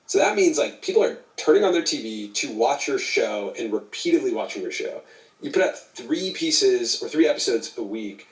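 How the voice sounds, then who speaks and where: A male interviewer with an everyday mid-pitched voice, asking eager, loosely phrased questions. He is heard from some distance in a roomy, echoing space. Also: animated, moderate pace. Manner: enthusiastic, citing stats, filler-heavy. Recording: echoey room, away from mic.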